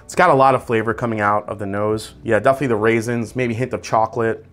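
A man's voice: on the low side, quick pace, soft background music. Man casually reviewing whiskey. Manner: conversational, relaxed, savoring tasting notes aloud. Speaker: whiskey reviewer, channel host.

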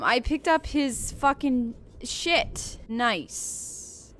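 A woman narrating her own gameplay with a bright, fairly high voice that swings all over the place. She curses freely and reacts loudly, shrieking whenever something startles her. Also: unhurried. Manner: excitable, profane, shrieks when startled. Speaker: gaming creator. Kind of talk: let's play commentary.

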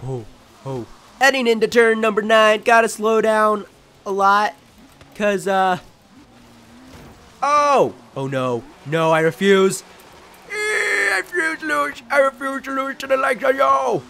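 A young man at home giving jokey, excitable let's-play commentary, often shouting at the game. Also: high voice, measured pace, gravelly, pauses often. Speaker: gaming channel host. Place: his room at home.

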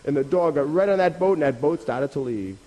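A man telling a folk tale in a rhythmic, repetitive, expressive storytelling style. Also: fairly high pitch, brisk, slight background noise.

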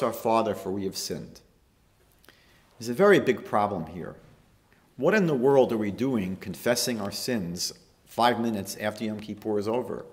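A man, a rabbi, giving a storytelling lecture on a holy day that rises to emphatic peaks. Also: lowish voice. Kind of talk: lecture sermon.

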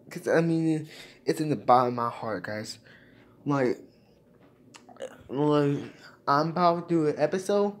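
A man's voice: fairly high pitch, a little slow, pauses often. A young man vlogging to his subscribers in a casual, emotional and repetitive way, thanking them over and over. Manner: emotional, repetitive, keeps saying "guys". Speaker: YouTuber. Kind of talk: casual vlog talk to viewers.

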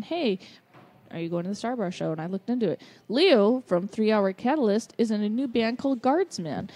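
A woman's voice: medium pitch, a little mellow. Upbeat woman co-host. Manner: chatty, upbeat, stumbles over band names. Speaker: podcast co-host. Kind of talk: casual chat, reading show announcements.

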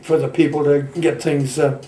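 Halting, folksy old man in his nineties. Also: on the high side, little pitch movement, mellow, roomy sound, distant mic. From Michigan, United States. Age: 90s. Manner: halting, folksy storytelling with colloquial grammar. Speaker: veteran interviewee. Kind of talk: oral history reminiscence.

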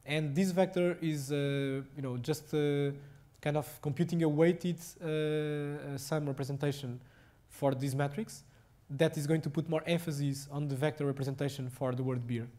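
A young adult man with a Portuguese accent giving a technical lecture, speaking haltingly with many fillers and restarts. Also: a little high, fairly even intonation, dark tone.

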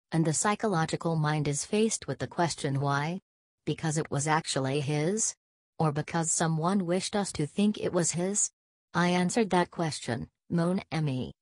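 A woman's voice: deep voice, dry recording, studio quality. A woman reading the part of a fussy, self-assured middle-aged male detective in an audiobook, speaking in a precise, lecturing way.

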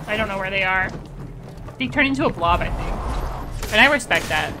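A woman's voice: mid-range voice, expressive, moderate pace, music in the background. A woman with a Canadian accent streaming a game, chatting casually in a bubbly, giggly, apologetic way. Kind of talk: casual gameplay chat.

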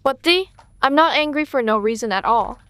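A woman's voice: sits high, lively intonation, moderate pace, background noise. A woman voicing a blunt, sarcastic young woman in a storytime animation.

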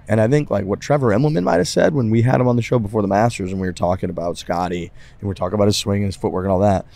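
Low-voiced easygoing podcast host. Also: male voice, rapid-fire, hardly any pauses, warm tone. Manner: easygoing, rambling, reads ads smoothly. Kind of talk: casual chat and ad read. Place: outdoors at a golf driving range.

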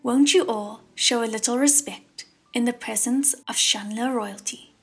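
A calm, powerful young male ghost, voiced by a woman narrator in an audiobook, speaking slowly and lazily with a teasing edge. The husky, breathy voice sits fairly high over soft music. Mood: leisurely. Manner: slow, unbothered, teasing.

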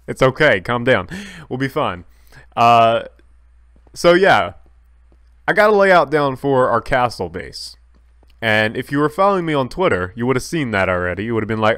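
A man's voice: medium pitch, expressive, normal speed, long pauses, a bit bright, smooth, no room sound, clean studio sound. A man giving casual, chatty commentary over his own gameplay, talking straight to viewers and correcting himself as he goes. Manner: jokey, talks straight to viewers. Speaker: gaming YouTuber.

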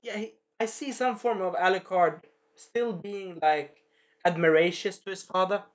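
A man casually recapping an episode, animated and swearing, acting out lines and sound effects as he goes. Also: high voice, moderate pace. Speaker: show reviewer.

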